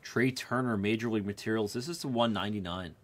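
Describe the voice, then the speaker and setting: A man's voice: fairly low pitch, fast talker. A man hosting a sports card break, rattling off player names and card types while chatting with viewers. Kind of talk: live card break call-outs.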